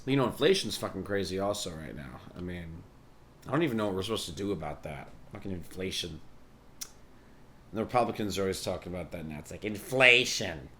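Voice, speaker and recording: A man's voice: deep voice, expressive, fast, a little hiss or hum. A man hosting a podcast, rambling through a casual monologue, profane and sardonic, laughing at his own jokes. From New York. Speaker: podcast host.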